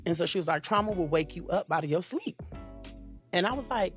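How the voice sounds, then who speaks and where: A man giving an interview, emotional and halting, often restarting and repeating himself. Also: high voice, a bit bright, faint music behind. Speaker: interview guest.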